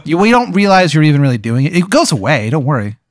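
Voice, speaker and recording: A man casually improvising a long, absurd story, rambling and deadpan with lots of restarts. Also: a little high, fast, dry recording, clean studio sound. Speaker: podcast host spinning an improvised story.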